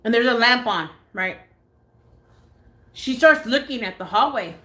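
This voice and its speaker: An American woman vlogging live from her home on a phone camera, telling a story in a casual, animated way, swearing freely and acting out what others said. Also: a little high, unhurried. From United States. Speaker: beauty vlogger.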